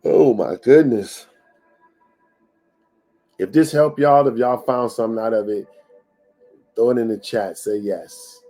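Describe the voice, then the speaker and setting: Faint music plays behind this warm-toned, medium-pitched man, who speaks at a measured pace with long pauses. His live-streamed motivational talk is preachy and repetitive, and he keeps addressing viewers directly.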